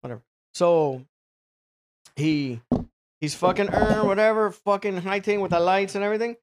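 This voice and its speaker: A young man telling a rambling, profane story in casual chat, full of fillers and animated asides. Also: sits high, moderate pace, very noisy.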